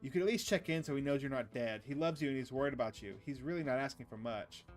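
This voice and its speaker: A man's voice: mid-range voice, fast, soft background music. A man streaming a visual novel, reading the dialogue aloud and joking with his chat in a playful, casual way. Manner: playful, jokey asides to chat. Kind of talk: casual let's-play narration with character reading.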